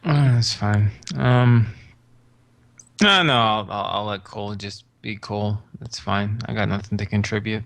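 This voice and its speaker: Easygoing male player, lowish voice, dry close sound. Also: a little slow, gravelly, fairly bright tone, no echo. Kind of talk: casual chat.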